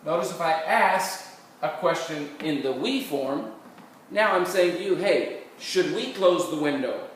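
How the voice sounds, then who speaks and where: A man teaching a recorded Spanish grammar lecture, patiently explaining step by step and slowly modelling phrases. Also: fairly high pitch, animated. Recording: very echoey room, mic far off, faint noise.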